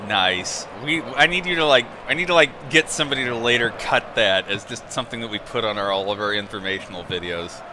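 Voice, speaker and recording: A man's voice: medium pitch, fairly quick, few pauses. A man co-commentating a football match in casual banter, rambling with restarts. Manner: rambling, full of restarts and chuckles. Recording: noisy background.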